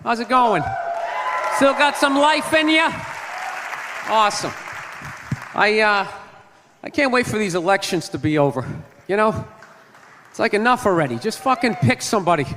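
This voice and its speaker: A man's voice: high-pitched, expressive, moderate pace, long pauses, in a large hall, background noise. A male comedian performing a stand-up set, riffing brashly and profanely at the crowd. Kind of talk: stand-up routine.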